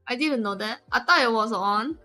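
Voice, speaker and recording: A woman's voice: on the high side, normal speed, sharp tone, soft background music. A woman streamer, chatting casually and rambling with many restarts and giggles. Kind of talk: casual live-stream chat.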